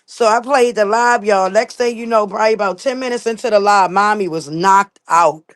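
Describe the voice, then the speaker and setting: A woman's voice: mid-range voice, a little fast. A young woman with a Baltimore accent, talking bluntly and emphatically to viewers on a casual live stream.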